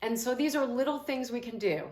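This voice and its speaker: Earnest rambling mom in an echoey room. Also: female voice, a little high, fairly quick, a little mellow. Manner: earnest, rambling, many fillers and restarts. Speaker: mom and health coach sharing ideas. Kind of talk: casual talk to camera.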